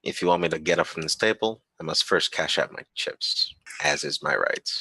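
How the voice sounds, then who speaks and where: A man's voice: sits low, normal speed, gravelly, bright, forceful tone, breathy edge, no echo, heavily acted, low-quality recording. Man playing a pompous, grandiose gambler. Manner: pompous, declamatory. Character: suave self-important male gambler, grandly dramatic.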